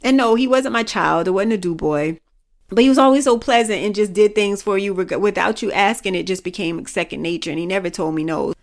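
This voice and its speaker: Blunt gravelly-voiced woman podcast host. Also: medium pitch, a little fast. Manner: candid, blunt, opinionated, with occasional swearing. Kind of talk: casual opinion monologue.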